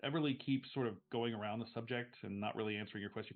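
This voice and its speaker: A man running a tabletop game as game master, narrating in a relaxed, halting way with fillers over a video call. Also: fairly low pitch. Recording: tinny call audio.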